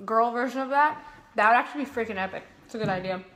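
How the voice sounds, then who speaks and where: Her pitch is fairly high and her tone a bit bright, and she's a fast talker. The young woman is hosting a livestream from her home kitchen, casually chatting, going through comments and breaking out in song.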